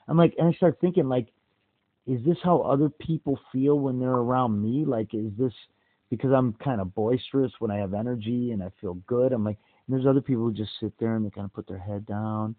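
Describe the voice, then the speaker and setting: A middle-aged man holds the floor in a relaxed conversation, telling his stories with plenty of energy. He keeps breaking into high, acted-out voices for the people he quotes. The sound is thin and phone-like, with no room in it at all. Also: fairly quick, dry recording. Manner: animated storyteller, acts out quoted voices with big jumps. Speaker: podcast host. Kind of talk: casual storytelling chat. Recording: tinny phone-like dry sound.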